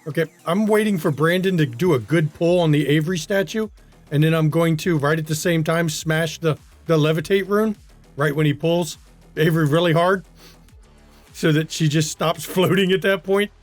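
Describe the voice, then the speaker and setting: A man with a notably high voice plays in a tabletop game. He describes his character's actions in a casual way and laughs along with the group. Faint music sits in the background. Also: normal speed. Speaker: player.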